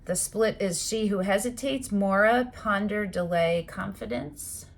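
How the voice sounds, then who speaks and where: A woman giving a casual tarot reading, talking emphatically and animatedly, with swearing and loud outbursts. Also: mid-range voice, unhurried. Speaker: tarot reader.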